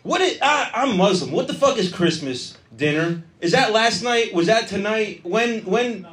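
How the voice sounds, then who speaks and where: A man's voice: sits high, lively intonation, normal speed, fairly bright tone. A man doing profane, brash crowd-work stand-up comedy on stage. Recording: live club audience. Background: crowd laughter.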